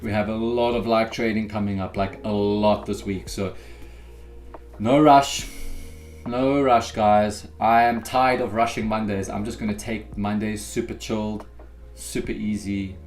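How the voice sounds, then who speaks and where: A man's voice: fairly low pitch, moderate pace, faint music behind. A man hosting a live futures day-trading stream, chatting casually to viewers as he talks through his trades. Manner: relaxed, chatty, addresses viewers as guys.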